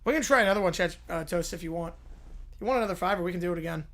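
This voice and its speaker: A man hosting a livestream in a relaxed, chatty way, chuckling as he hurries through viewer requests. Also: high-pitched, racing. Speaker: livestream host. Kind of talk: casual livestream chat.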